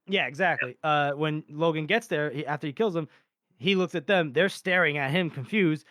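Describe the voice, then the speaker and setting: A man's voice: a little high, moderate pace, fairly bright tone, no echo, studio quality. A man co-hosting a casual podcast about a book series. He rambles through plot retellings, laughing often and swearing. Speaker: podcast co-host. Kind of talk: casual book-discussion chat.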